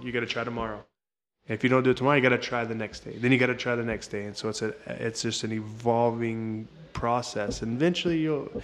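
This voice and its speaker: A man speaking in a casual, rambling way as an interview guest. He repeats himself and restarts sentences as he works through an idea. His voice sits at an ordinary middle pitch. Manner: rambling, repetitive, restarts often. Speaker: interview guest, jiu-jitsu coach.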